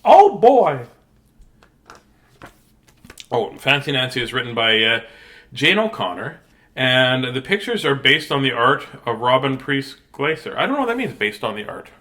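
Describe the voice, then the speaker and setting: A man's voice: mid-range voice, lively intonation, normal speed, bright, forceful tone. A man hosting a storytime video, reading picture books aloud with goofy jokes and chatty asides from home. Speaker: storytime reader host. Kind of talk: playful picture book read-aloud.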